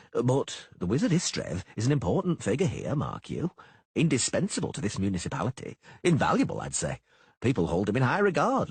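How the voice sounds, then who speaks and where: A man reading an audiobook, voicing a coarse, blustering middle-aged male mayor in a husky, gossipy voice. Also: medium pitch, no echo, voice pushed up, heavily acted.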